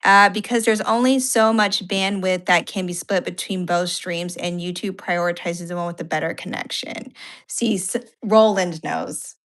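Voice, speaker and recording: A woman's voice: lowish voice, steady tone, normal speed, a bit bright. Chatty woman on a live stream. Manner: chatty, self-deprecating, rambling with fillers. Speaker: co-host of art live stream. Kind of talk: casual chat. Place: home upstairs room.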